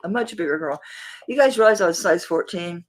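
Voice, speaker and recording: A middle-aged woman with a Southern accent chats her way through a live jewelry auction. Her voice sits on the low side but bounces animatedly up and down. She is warm with viewers and calls them baby. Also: animated, brisk, low-quality recording. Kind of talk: casual livestream chat.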